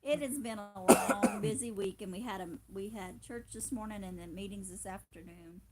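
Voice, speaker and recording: A woman's voice: medium pitch, moderate pace, hardly any pauses, darkish tone. Chatty woman hosting a homestead livestream. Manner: chatty, rambling, laughs often. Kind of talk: casual chat.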